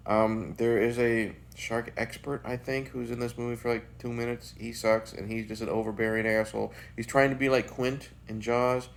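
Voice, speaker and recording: A man's voice: medium pitch, little pitch movement, normal speed, creaky, hardly any pauses. A man giving a casual, profane and blunt review of a bad movie as the host of his channel.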